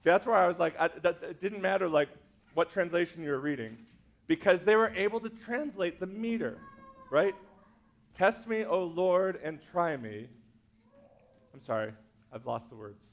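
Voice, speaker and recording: A man's voice: sits high, lively intonation, brisk. A man, a pastor, giving a casual teaching talk to a congregation, full of "like" and "right?" asides. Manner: chatty, many fillers like "like" and "right?".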